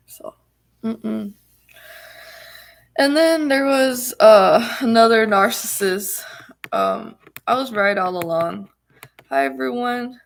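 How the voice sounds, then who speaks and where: A woman's voice: on the high side, sing-song, takes it slowly, creaky. A woman vlogger telling a personal story in a rambling, casual way, full of fillers and emphatic repeats.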